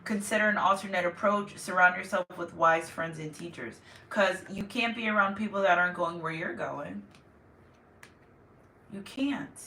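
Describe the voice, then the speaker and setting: A woman's voice: on the low side, moderate pace, vocal fry, pushed and bright, a little hiss or hum. A woman giving a casual tarot reading to her viewers, rambling and repeating herself with emotion. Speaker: tarot reader. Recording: echoey room, distant mic.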